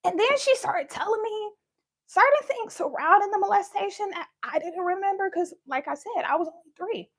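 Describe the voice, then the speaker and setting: Speaking at a normal pace in a very high, expressive, slightly bright voice, a young woman recounts a personal story at a live talk. She's candid and chatty, performing the quoted lines herself.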